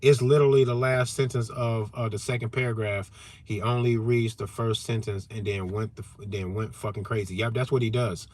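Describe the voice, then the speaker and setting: A man hosting a livestream rant from his car, loud and animated, cussing heavily and repeating himself to drive points home. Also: lowish voice, brisk, a little hiss or hum. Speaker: channel host.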